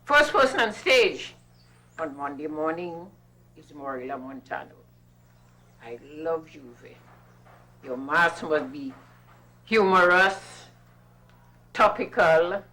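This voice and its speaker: An older woman with a Trinidadian accent talks about her life in a lively, emphatic way, leaning on certain words. Her voice sits somewhat low for a woman. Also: unhurried, pauses often, low-quality recording. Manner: lively, emphatic, with bursts of patois. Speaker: carnival masquerader. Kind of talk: personal storytelling.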